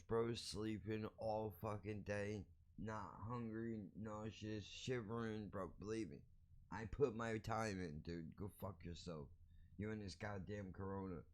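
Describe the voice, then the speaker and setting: Deep-voiced profane ranting man. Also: a little mellow. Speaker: podcast host. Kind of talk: casual ranting monologue.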